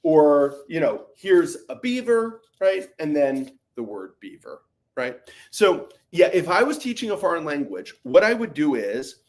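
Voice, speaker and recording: A man answers parents' questions in a relaxed, conversational way. His pitch moves up and down a lot, and he keeps checking in with "right?" as he explains. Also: a little slow. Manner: conversational, with frequent fillers and "right?" tags. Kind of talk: live Q&A, casual explaining.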